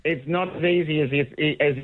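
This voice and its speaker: A man being interviewed on the radio about his record for the loudest shout. He talks in a playful, casual way and laughs easily. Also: fairly high pitch, fairly even intonation, fairly quick, narrow, tinny audio, a crowd in the background. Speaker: world record holder guest.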